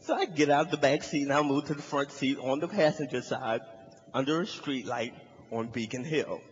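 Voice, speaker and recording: A man's voice: moderate pace, long reverb tail, lo-fi sound, slight background noise. A young man performing stand-up, telling a story and acting out the voices of the people in it. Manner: animated, acts out voices in high shouts. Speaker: comedian. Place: large hall with live audience.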